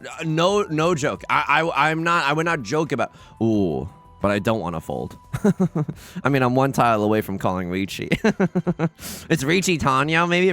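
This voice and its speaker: A young man hosting a casual let's play, talking in an animated, rambling way and laughing often. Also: medium pitch. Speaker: host of a game channel.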